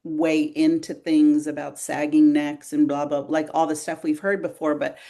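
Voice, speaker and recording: An older woman comedian chatting in an interview, telling animated stories full of fillers. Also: low voice, moderate pace. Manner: animated storyteller, many fillers. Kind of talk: casual interview chat.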